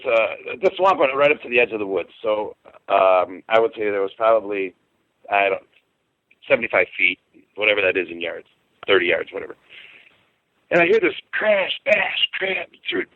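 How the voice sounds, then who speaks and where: A man telling a frightening personal story in a halting, casual way, often repeating words and restarting sentences. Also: no echo. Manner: halting, repeats words and restarts, pitch jumps when excited. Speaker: guest telling an encounter story. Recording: dry phone-line audio.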